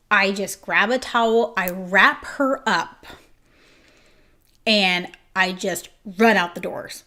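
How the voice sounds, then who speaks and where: A woman's voice: fairly high pitch, sharp tone. Emotional woman salon owner telling a story. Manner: emotional, fast-shifting retelling with many "like"s. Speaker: grooming salon owner and host. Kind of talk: casual storytelling monologue.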